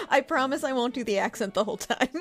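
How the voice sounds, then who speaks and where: A woman hosting a casual podcast, a therapist talking in a playful, animated way. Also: fairly high pitch, fast talker, faint music behind.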